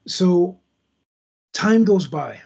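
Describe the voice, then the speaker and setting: A man tells a true crime story in a loose, conversational way, adding asides as he goes. His voice is fairly high for a man, yet dark and husky with a gravelly edge. The recording sounds dull and lo-fi. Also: expressive, extremely slow. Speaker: podcast host.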